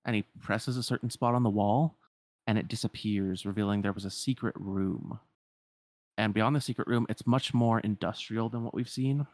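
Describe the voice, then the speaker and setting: A man's voice: fairly low pitch, fairly even intonation, moderate pace, darkish tone, no room sound. A man casually retelling a story as a podcast host, with lots of filler words.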